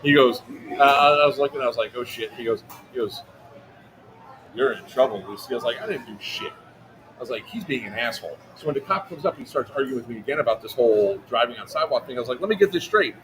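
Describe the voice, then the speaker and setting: A man telling a story in casual chat on a livestream, animated and profane, acting out other people's lines. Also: medium pitch, fast, noisy background. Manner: animated, profane, acts out quotes in a raised voice. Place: outdoor airsoft event.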